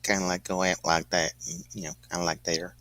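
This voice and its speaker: On a live stream, a man with a low, fairly monotone, slightly bright voice gives a casual, joking painting demo at a slightly quick pace in a dry recording. He's goofy, puts on a folksy drawl, sings snatches of song, and rambles with lots of fillers like "kinda, like."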